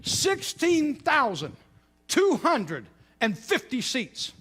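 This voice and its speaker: A middle-aged man, a pastor, preaching a sermon by telling stories, with loud exclamations that drop to hushed intensity. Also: very high-pitched, wildly swooping pitch, takes it slowly.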